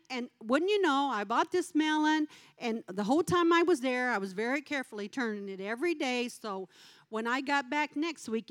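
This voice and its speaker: A middle-aged woman giving a devotional talk at a church gathering, telling a homey story in a chatty way and laughing often between lines. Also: fairly high pitch. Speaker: lay speaker at a church gathering.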